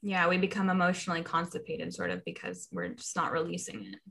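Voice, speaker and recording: A woman's voice: on the low side, big pitch swings, fast talker, vocal fry. A woman chatting casually, affirming the other speaker and sharing her thoughts with enthusiasm. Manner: warm, affirming listener, enthusiastic. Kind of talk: casual conversation.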